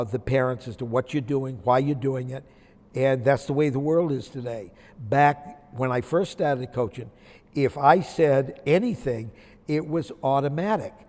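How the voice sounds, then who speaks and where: A man's voice: medium pitch, a little mellow, long reverb tail. An older man from Maine, a retired basketball coach, telling folksy, reflective stories from his career in an interview. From Maine, USA. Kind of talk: interview storytelling.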